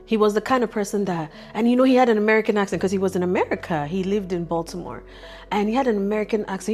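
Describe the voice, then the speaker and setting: A woman's voice: mid-range voice, racing, soft background music. Chatty woman telling a personal story. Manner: candid, animated, chatty. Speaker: vlog host.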